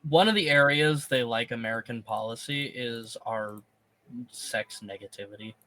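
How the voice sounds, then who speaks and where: A man's voice: medium pitch, moderate pace, sharp tone. A man co-hosting a gaming podcast, chatting casually in a laid-back, offhand way. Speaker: podcast co-host. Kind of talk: casual chat.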